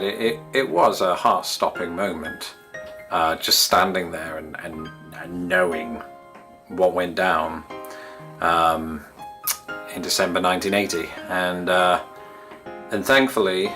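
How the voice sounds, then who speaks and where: This English YouTube host in his thirties has a low-pitched voice with a sharp tone and an English accent. He chats to his channel's viewers while reminiscing, wry and self-deprecating throughout.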